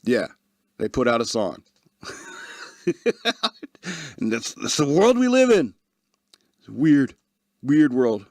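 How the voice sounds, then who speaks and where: A man hosting a talk radio show who reads news stories aloud, stumbling over names and cutting in with sarcastic remarks. His voice sits at a medium pitch and the recording is close and dry. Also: big pitch swings, takes it slowly, long pauses, a little mellow, no room sound. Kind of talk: casual news commentary.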